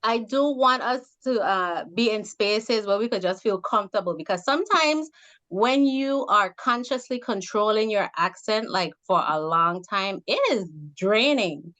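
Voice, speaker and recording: A woman from the Caribbean with a Caribbean accent, hosting a casual interview and telling stories in an animated way, laughing often. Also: mid-range voice, measured pace. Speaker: host.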